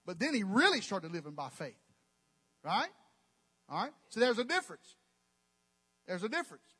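A man's voice: high voice, big pitch swings, moderate pace, sharp tone, husky, long reverb tail. A male pastor, preaching emphatically with folksy, joking asides. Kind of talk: sermon.

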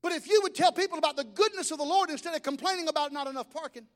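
A man preaching a sermon as pastor, telling stories and rising to shouted exhortation. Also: very high-pitched, very fast.

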